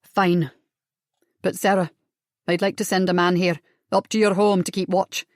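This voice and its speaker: A woman voicing a protective widowed builder, speaking gruffly and firmly in a lowered voice. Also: flat delivery, moderate pace, no echo, clean studio sound, lightly acted. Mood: insistent.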